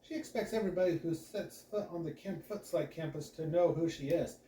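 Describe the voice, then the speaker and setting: A man hosting a channel, reading a children's novel aloud in an expressive storytelling voice. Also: fairly high pitch, a little fast. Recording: echoey room, mic at a distance, faint background hiss.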